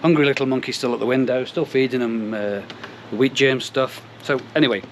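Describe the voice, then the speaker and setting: A man's voice: medium pitch, fairly even intonation, brisk, a little hiss or hum. A middle-aged man hosting a casual pond vlog outdoors, rambling and digressing with self-deprecating jokes. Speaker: koi pond channel host.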